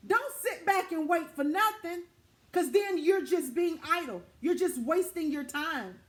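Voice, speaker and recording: High-voiced woman preaching emphatically. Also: lively intonation, unhurried. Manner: emphatic, repetitive exhortation; informal, direct address to listeners. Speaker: prophetic minister. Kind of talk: delivering a prophetic word to viewers.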